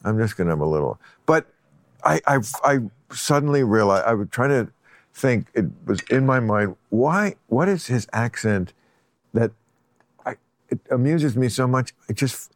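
Wry blunt older guy hosting a chat, mid-pitched, dry close sound, stumbles and restarts a lot. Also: lively intonation, normal speed, no echo. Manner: blunt, wry, interrupts and restarts when pushing back. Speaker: talk show host. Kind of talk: casual conversation.

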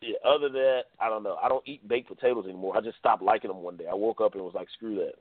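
A man's voice: on the low side, very fast, no room sound. A man co-hosting a casual podcast, blunt and playful, laughing often. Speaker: podcast co-host. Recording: dry, phone-like sound.

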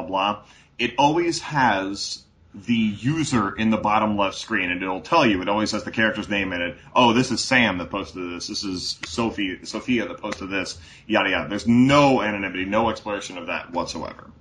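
A man co-hosting a casual movie review chat, picking the film apart with sarcastic, animated critique. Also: fairly low pitch.

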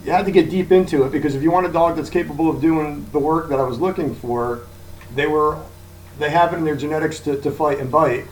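A man's voice: fairly high pitch, quick pace, far from the mic, a little hiss or hum, poor audio. A man from New Jersey, a guest on a podcast, talking casually and restarting his sentences. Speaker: guest, contractor.

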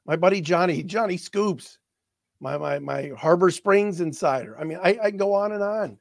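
A man hosting a sports talk show, speaking emotionally and haltingly, repeating words as his voice catches. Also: high voice, vocal fry, dry recording, clean studio sound. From not from the area of the team he covers.

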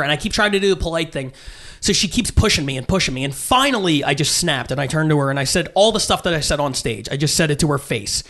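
A man in his thirties tells a long story in a slightly high, lifted voice. He acts out quotes with swearing and moves easily between his own lines and everyone else's. He is a comedian in casual conversation. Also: animated, fast talker, fairly bright tone. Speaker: stand-up comedian guest.

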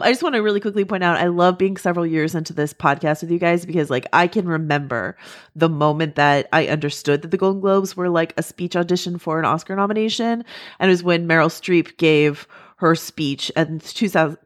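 A woman hosting a podcast, talking in quick, chatty asides with plenty of fillers. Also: fairly low pitch. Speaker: podcast host. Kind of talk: casual chat.

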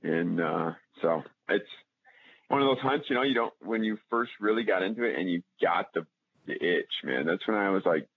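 A low-voiced man with a husky, slightly breathy tone tells a long hunting story, circling back on his words and restarting often. His voice comes through a thin, tinny line, as if he called in by phone. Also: normal speed, no room sound. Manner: rambling, many restarts and fillers, animated when retelling. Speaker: podcast guest. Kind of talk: casual storytelling.

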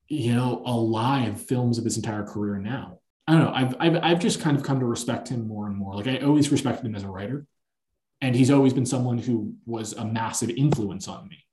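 Male podcast host, mid-range voice, animated storyteller, roomy echoey sound. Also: mid-range voice, normal speed. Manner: animated, long-winded anecdote telling. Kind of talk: casual film-discussion chat. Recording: echoey room.

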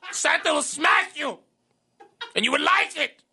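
A man putting on a threatening German-accented Santa Claus in a radio comedy sketch, shouting between laughs. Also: very high voice, expressive, measured pace, gravelly, slight background noise, pitched above the performer's own voice, heavily acted. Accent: German (put on).

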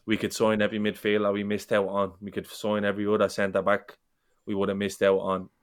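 A man holds forth in a casual football fan chat. His voice sits low and barely rises or falls, even as he gets passionate and rambling. He swears freely as he talks. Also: brisk, clear, resonant tone.

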